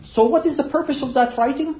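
A man preaching a sermon, slow and deliberate, telling a story and then pressing his point with emphatic swells. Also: very high-pitched, echoey room, dull audio, slight background noise.

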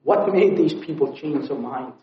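A man preaching a sermon at a conference, pleading and impassioned, swinging from loud appeals to hushed tones. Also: a little high, moderate pace, a little hiss or hum. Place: conference hall. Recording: echoey, dull lo-fi hall recording.

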